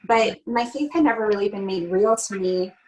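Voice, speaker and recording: A woman speaks earnestly as an interview guest. She tells a personal story in a heartfelt way, in a middle-pitched voice, often pausing on "you know" and "um". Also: a little mellow, slight background noise, poor audio. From Canada. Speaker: guest, country singer.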